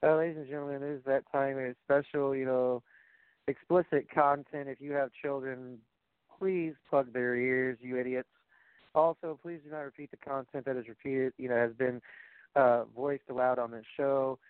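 A man's voice: medium pitch, steady tone, moderate pace, clean tone, no echo. A man hosting a casual wrestling and sports chat show, rambling and joking with lots of fillers. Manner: rambling, filler-heavy, jokey. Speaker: podcast host. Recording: dry, tinny phone-like sound.

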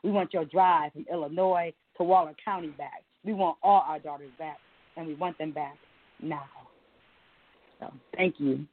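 A woman's voice: low-pitched, fairly even intonation, moderate pace. A middle-aged woman poet performing spoken word in a rhythmic, chant-like cadence, then chatting as a guest. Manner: rhythmic, repetitive chant-like delivery. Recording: tinny phone-like line.

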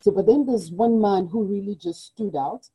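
Husky, warm-voiced woman pastor. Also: medium pitch, normal speed, poor audio. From Kenya. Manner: animated storyteller, acts out quotes, laughs often. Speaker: pastor, guest. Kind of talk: personal testimony in conversation.

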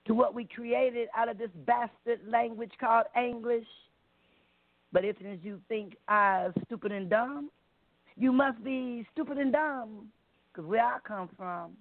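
A woman's voice: on the high side, no room sound. A woman calling in to an open mic show to perform a spoken word poem, delivering it in a rhythmic, emphatic way and playing with dialect. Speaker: open mic poet caller. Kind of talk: spoken word poetry reading. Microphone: phone call. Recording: dry tinny phone line.

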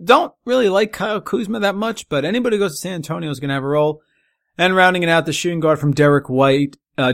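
A man hosting a solo sports podcast, running through picks with quick, opinionated verdicts and joking asides. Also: fairly high pitch, gravelly. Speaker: podcast host.

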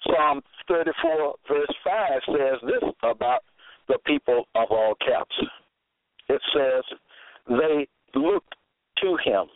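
Man preaching slowly and emphatically, dry tinny phone-line sound. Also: mid-range voice, lively intonation, no room sound. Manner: measured, emphatic, repeats key phrases. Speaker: preacher presenting a case. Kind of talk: slow deliberate sermon.

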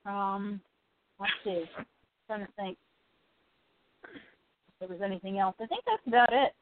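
A woman's voice: mid-range voice, a little slow, very noisy. A woman co-hosting a casual podcast over the phone, easygoing and playful. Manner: easygoing, playful, chatting while eating. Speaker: podcast co-host. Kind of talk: casual chat. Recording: tinny phone line, dry.

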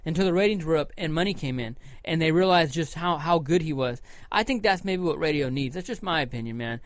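A man's voice: on the high side, expressive, a little fast, dry recording. A man co-hosting a podcast, talking in a rambling, emphatic way and swearing freely. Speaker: podcast co-host. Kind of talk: casual profane chat.

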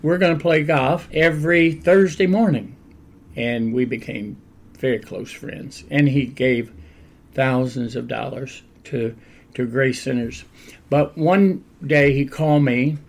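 Gravelly older pastor telling a story. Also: male voice, mid-range voice, measured pace. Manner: animated anecdotal storyteller, laughs often. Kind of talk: storytelling in a conversational interview.

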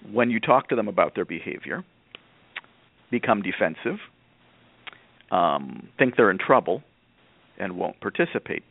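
Calm man hosting a call-in show. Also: lowish voice, vocal fry, no room sound. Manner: calm, measured, explains patiently with fillers. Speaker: radio show host, parenting expert. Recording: narrow phone-like band, dry.

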